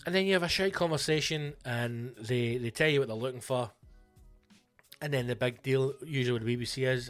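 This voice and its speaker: A Scottish man with a mid-pitched voice rants through a casual comic monologue, blunt and full of swearing. He talks as a podcast host, with faint music behind him. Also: fairly quick.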